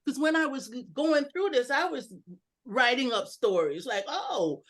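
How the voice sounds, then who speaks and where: Her voice is high and her delivery unhurried. She's an educational speaker at a club meeting, talking on a video call and playfully acting out a single sentence with varied inflections, animated throughout an online presentation featuring audience exercises.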